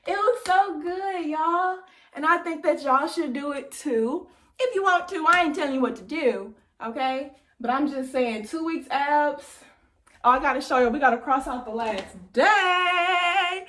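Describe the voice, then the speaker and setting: A young woman chatting excitedly to her viewers in a vlog, still out of breath after a workout. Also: sits high, unhurried. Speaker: vlogger. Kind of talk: casual chat to camera.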